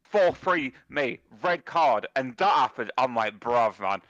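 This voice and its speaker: A young man rants and swears in a casual podcast chat, and every few words he tosses in "mate" or "bruv." His voice sits at an average pitch. The recording is dry and a little dull, with no room sound. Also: a little slow, no room sound. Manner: animated ranting, heavy swearing, repeats "mate" and "bruv". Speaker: podcast co-host.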